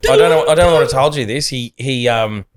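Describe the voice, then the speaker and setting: A man's voice: mid-range voice, fast talker. A man, a podcast host telling rambling anecdotes in casual chat and acting out the people in them.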